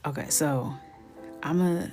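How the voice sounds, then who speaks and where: Low-voiced woman hosting a coloring stream. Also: takes it slowly, soft background music. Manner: chatty and animated, often dropping to a near whisper. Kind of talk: casual storytelling while coloring.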